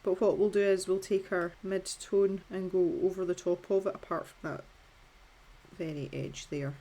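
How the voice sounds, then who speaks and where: A woman's voice: on the low side, fairly even intonation, normal speed, mellow. A Scottish woman in her thirties, talking casually through a colouring tutorial in a chatty, self-deprecating way. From Scotland. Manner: chatty and self-deprecating, with filler words and restarts.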